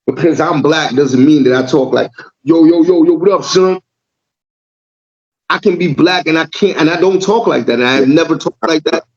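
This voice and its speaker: A man's voice: a little high, lo-fi sound. A man from Jamaica co-hosting a casual podcast, making his points with repeated words and frequent "right?" checks. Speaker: podcast co-host.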